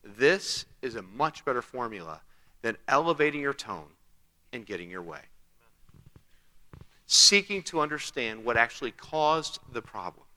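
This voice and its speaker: A man's voice: mid-range voice, big pitch swings, a little slow, pauses often, bright, forceful tone. A man preaching a sermon as pastor, talking conversationally, asking rhetorical questions and acting out quotes. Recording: long hall reverb.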